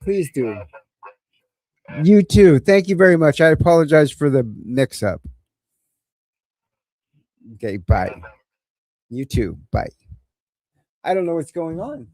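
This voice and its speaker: This man's voice sits on the high side, with lively intonation, a darkish tone, and a slow pace broken by frequent pauses; the recording is dry. Running a live call-in show, he chats in a rambling, crude way, joking his way through technical trouble like a casual livestream.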